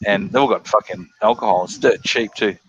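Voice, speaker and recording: A man's voice: on the low side, a little fast. An Australian man hosting a live panel stream, chatting casually with lots of swearing and jokes. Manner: swearing, animated, jokey. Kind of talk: casual chat. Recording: dull lo-fi stream audio with faint noise.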